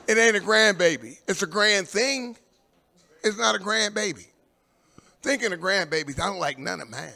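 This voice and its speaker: An older man with a gravelly, fry-laced voice that sits a little high for a man. He works a live comedy stage on a handheld mic, rambling through profane stories and shouting out the lines of the people in them. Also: animated, a little slow, long pauses. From Indianapolis, USA. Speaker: stand-up comic. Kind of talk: stand-up comedy set.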